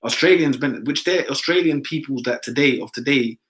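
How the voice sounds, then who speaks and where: A man with a London accent talks in an emphatic, insistent way during a loose religious discussion. His voice sits at a middle pitch for a man, and he keeps punching his points home. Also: brisk, fairly bright tone, low-quality recording. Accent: London English. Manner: emphatic, repeats "man" often. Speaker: discussion participant.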